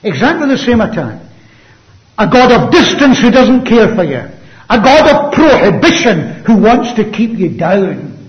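A man preaching a sermon emphatically, with rhetorical questions and swings between loud and hushed delivery. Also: sits high, big pitch swings, unhurried. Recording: dull lo-fi sound.

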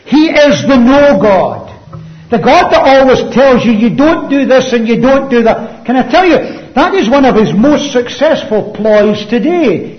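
A man preaching a sermon emphatically, with rhetorical questions and swings between loud and hushed delivery. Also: very high voice. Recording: dull lo-fi sound.

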